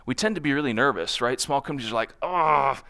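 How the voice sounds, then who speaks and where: Chatty male conference speaker, smooth voice. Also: mid-range voice, rapid-fire, sharp tone. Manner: conversational, constantly checks in with "right?"; acts out other people's quotes in shifting voices. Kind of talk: conference talk. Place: conference stage.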